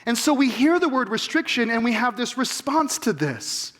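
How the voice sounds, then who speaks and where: A man's voice: very high-pitched, sing-song, moderate pace, a bit bright. A man in his forties preaching a sermon, emphatic and full of rhetorical questions to the congregation. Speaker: pastor.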